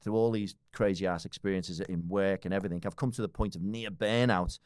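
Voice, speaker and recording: A man's voice: low voice, fairly even intonation, brisk, a little mellow, smooth, no room sound, clean studio sound. A man in his forties, a podcast guest talking casually and bluntly, swearing freely and laughing often. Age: 40s.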